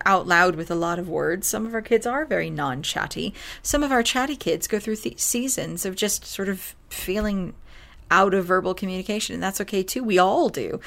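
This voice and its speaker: A woman's voice: medium pitch, vocal fry, fairly bright tone. A woman hosting a faith-based parenting podcast, talking through advice in an earnest, conversational way while tired and short on sleep. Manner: earnest, conversational, yawning at times. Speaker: podcast host and parenting speaker.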